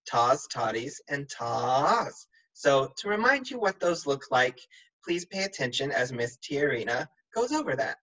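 A woman music teacher leading young children through a rhythm lesson, speaking slowly and clearly with encouragement. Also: very deep voice, very animated, fairly bright tone. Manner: slow, clear, encouraging classroom delivery. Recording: dull lo-fi sound.

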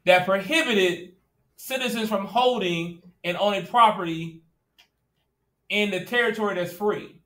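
A male teacher lectures a class in an unhurried, high, fairly bright voice, speaking casually and directly and often checking that students are following. The classroom is echoey, and he's sometimes far from the mic.

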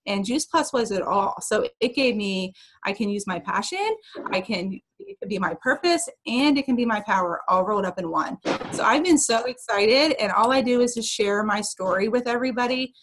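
A woman in her thirties on a video call, sharing her story with a team, earnest and emotional, rushing a little. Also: medium pitch, expressive, a little hiss or hum, rough recording. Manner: emotional, earnest, fast-talking. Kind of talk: casual personal testimony on a video call.

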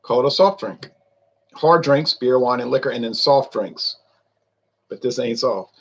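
A man's voice: medium pitch, animated, unhurried, breathy edge. A man talking in a folksy, meandering way, with many fillers, while reviewing a drink on his vlog. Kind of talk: casual rambling monologue.

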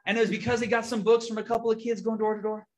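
A young man giving a testimony in a church, telling his story with lively quoted dialogue. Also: high-pitched, rapid-fire. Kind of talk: testimony sermon.

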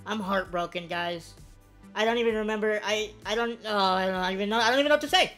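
Excitable woman calling her own game. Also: fast, soft background music. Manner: excitable, yelling reactions between low-key play-by-play. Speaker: gaming video creator. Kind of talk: casual live game commentary.

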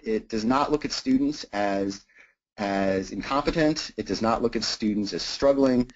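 A man's voice: medium pitch, darkish tone. A man giving an academic talk on teaching writing, thinking aloud with many "uh"s and repeated words. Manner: frequent "uh" and repeated words, thoughtful. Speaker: lecturer. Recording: dull lo-fi recording.

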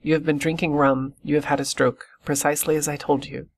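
A man reading the part of a stern, brisk country doctor who scolds with crisp authority. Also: fairly high pitch, little pitch movement, a little hiss or hum, close to an everyday voice.

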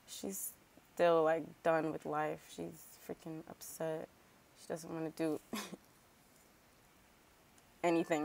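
A woman's voice: on the low side, creaky, a little hiss or hum. Chatty woman narrating a life-sim game. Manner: chatty, filler-heavy, rambling asides; animated, talks back to game characters. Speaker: let's play host. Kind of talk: casual gameplay commentary.

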